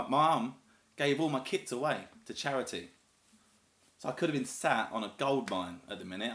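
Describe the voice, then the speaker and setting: A man's voice: medium pitch, fairly bright tone. Chatty southern English guy in an echoey room. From North East England, raised in the south of England. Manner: chatty, rambling and enthusiastic, lots of fillers. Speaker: YouTuber. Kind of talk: casual chat to camera.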